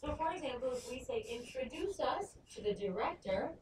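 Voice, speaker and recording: A woman teaching a Spanish lesson, explaining patiently and slowing down to sound out words. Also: high-pitched, expressive, a little mellow. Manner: patient, clear, slows down to spell out Spanish words. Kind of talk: recorded lesson narration. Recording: echoey room, far mic, noisy.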